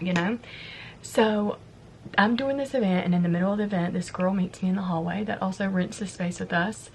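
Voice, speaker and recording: A woman's voice: mid-range voice, fairly quick, a little hiss or hum. A woman in her thirties, a vlogger, casually telling a personal story to camera in a chatty, confiding way, often acting out what she said. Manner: chatty, confiding, quotes herself. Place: home, yard work heard outside.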